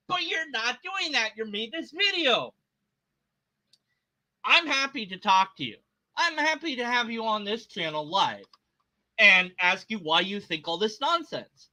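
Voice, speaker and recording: A man's voice: very high voice, expressive, unhurried, sharp tone, no room sound. A man hosting a reaction video, ranting at a clip with sarcastic, exasperated, over-the-top comedy.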